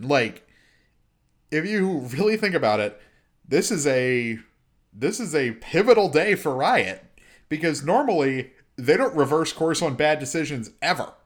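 Excitable young man hosting a podcast. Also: a little high, moderate pace. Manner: chatty, excitable, exasperated rants. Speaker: podcast host. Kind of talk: solo sports and gaming podcast.

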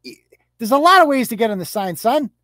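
A woman's voice: a little high, very animated, quick pace, fairly bright tone, no room sound. A woman hosting a live show, delivering a sarcastic, profane, mocking rant. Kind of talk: profane ranting commentary.

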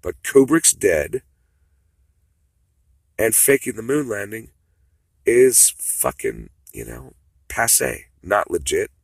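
Rambling profane monologue, man with a low husky voice, muttering then flaring up. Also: very animated, slow pace, no echo. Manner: rambling, profane, swings between mutters and outbursts.

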